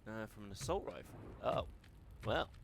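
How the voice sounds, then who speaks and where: Wry low-voiced man streaming a game. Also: animated, normal speed, creaky, background noise. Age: older. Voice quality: wry, self-deprecating, swears casually. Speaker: streamer playing a video game. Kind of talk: casual gameplay commentary.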